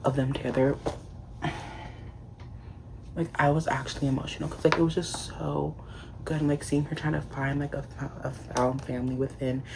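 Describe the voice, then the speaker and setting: A man chatting through a book review in an unscripted vlog style, full of gushing enthusiasm and endless "like" fillers. His voice sits at an ordinary middle pitch, with a faint hiss of noise behind him. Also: flat delivery, moderate pace, creaky, pauses often.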